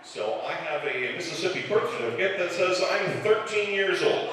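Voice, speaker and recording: A stand-up comedian in his forties from the Chicago area with a slightly softened Chicago accent, telling self-deprecating stories in a dry way with filler pauses. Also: sits high, animated, recorded from a distance, heavy background noise. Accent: Chicago, mostly softened. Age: 40s. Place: live comedy club stage. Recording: echoey club hall, mic heard from afar.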